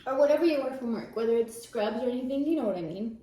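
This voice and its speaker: A woman's voice: on the high side, expressive, quick pace, dark tone, slightly rough. A woman vlogging casually at home, a mother of a toddler who explains things in a chatty way, with fillers and restarts. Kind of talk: casual home vlog talk. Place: home, indoors.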